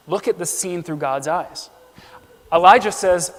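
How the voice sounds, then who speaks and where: A man preaches a sermon with a notably high voice. He reads scripture aloud and acts out the quotes earnestly. The sound carries the long reverb of a church hall. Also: normal speed. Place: church sanctuary.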